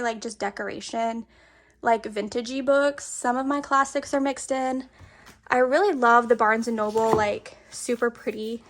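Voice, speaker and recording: A young woman, chatting casually and a little out of breath while showing off her bookshelves. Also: on the high side. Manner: chatty, filler-heavy, uses "y'all". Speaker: book vlogger. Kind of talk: casual chat.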